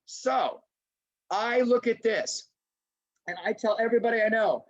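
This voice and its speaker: A middle-aged man presenting a lively webinar lecture to teachers, acting out little scenes as he goes. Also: high-pitched, measured pace. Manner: animated, acts out little scenes in voices. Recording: dull lo-fi webinar audio.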